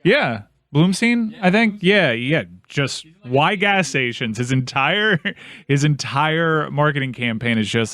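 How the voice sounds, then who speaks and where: A man, a regular on a talk show, tells a wry story in casual chat with halting restarts. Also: fairly high pitch, lively intonation, a bit bright, dry recording.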